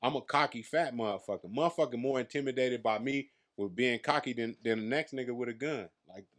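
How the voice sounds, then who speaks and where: A man's voice: mid-range voice, a little fast, a bit bright. A man in his thirties from Las Vegas, a comedian guest telling brash, profane stories in a casual interview. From Las Vegas, USA. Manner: brash, profane, boastful storyteller.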